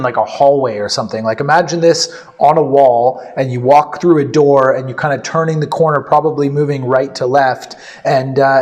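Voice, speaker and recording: A man's voice: mid-range voice, darkish tone. A man from Canada, giving a casual, rambling photo critique full of fillers. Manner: rambling, filler-heavy and upbeat.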